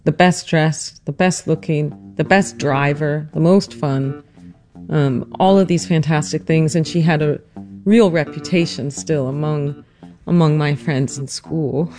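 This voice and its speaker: A narrator telling a family story in a reflective, earnest, measured way, and also interviewing their mother. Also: mid-range voice, steady tone, a little mellow, faint music behind. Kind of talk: personal documentary narration and interview.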